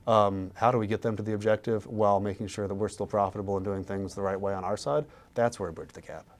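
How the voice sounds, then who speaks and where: A man who invests in real estate, talking casually on a podcast and acting out sales pitches with animation. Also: fairly even intonation, fast.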